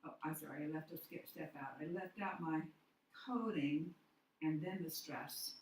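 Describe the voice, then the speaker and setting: A woman teaches phonics patiently and in order, stopping to correct herself when she skips something. Her voice sits a little low. The sound is roomy and distant, as if the mic sits well away from her in a bare classroom. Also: normal speed, darkish tone, a little hiss or hum. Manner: patient, step-by-step, self-correcting. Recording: echoey room, mic far off.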